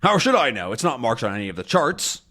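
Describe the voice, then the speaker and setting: A man reading a comic aloud, voicing a gruff, irritable male sea captain who talks in a blustering, sarcastic way. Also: medium pitch, very animated, fast talker, pushed and bright. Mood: indignant.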